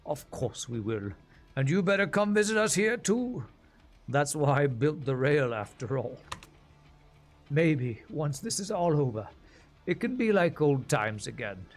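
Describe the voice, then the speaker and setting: A man voicing a steady male companion from a video game who speaks slowly and reassures a friend. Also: a little high. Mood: fond. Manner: slow, calm, reassuring.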